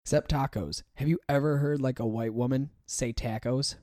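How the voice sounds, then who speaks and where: A man's voice: medium pitch, steady tone, moderate pace, mellow. A young American man hosting a podcast, chatting casually with a loose, joking manner, swearing and laughing often. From United States. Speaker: podcast host.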